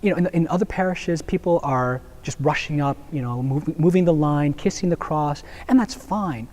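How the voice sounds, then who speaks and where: A man's voice: on the high side, normal speed, a little mellow. A young man, a Jesuit deacon, shares earnest reflections in a video blog, telling a story with many fillers and restarts.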